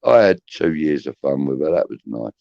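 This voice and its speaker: Deep gravelly man telling stories. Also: sing-song, moderate pace, warm tone. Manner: rambling, swears freely, chatty anecdotes. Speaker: podcast host. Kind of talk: casual storytelling. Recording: dull, muffled audio.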